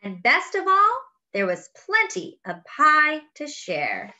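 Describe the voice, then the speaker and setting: A woman reading a picture book aloud to children, expressive and exclaiming over the pictures. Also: high-pitched, slow pace, dull audio. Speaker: children's story reader. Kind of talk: read-aloud storytelling.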